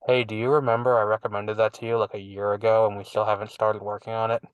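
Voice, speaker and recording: A man's voice: fairly low pitch, little pitch movement, fast, clear, resonant tone, dry recording, dull audio. A man in his twenties with a slight lisp, co-hosting a casual podcast chat in a teasing, rambling way and laughing often. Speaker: podcast co-host.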